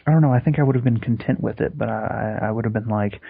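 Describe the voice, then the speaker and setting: Male podcast co-host, husky, casual and crude, dull lo-fi recording. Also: on the low side, fast talker, few pauses, dry recording. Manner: crude, joking, rambling.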